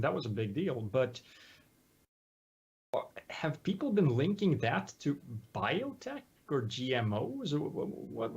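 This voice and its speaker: A man's voice: medium pitch, gravelly, slightly rough. A man interviewing a guest, jumping in eagerly with stammered questions. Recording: dull, lo-fi line.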